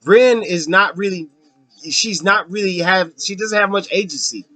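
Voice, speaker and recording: A man rants through a casual book review in a high, bright, cutting voice. He swears freely and stumbles through fillers as he works out his points. The sound is close and dry, with no room around it. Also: moderate pace, no room sound. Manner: ranting, profane, with frequent fillers.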